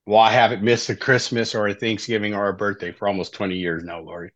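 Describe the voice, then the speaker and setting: A middle-aged man with a fairly low voice tells his story as a podcast guest, casual and chatty, and keeps checking in with "right?". The recording sounds dull and lo-fi. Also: little pitch movement, fast talker, a bit bright. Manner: conversational, often tags sentences with "right?". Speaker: podcast guest, life coach in recovery.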